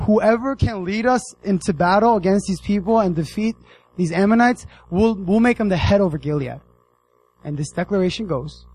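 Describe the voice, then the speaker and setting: Casting note: young American male preacher, high voice, casual and playful, acting out the characters in his story. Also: fairly quick, a little mellow, poor audio. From United States. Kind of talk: casual sermon.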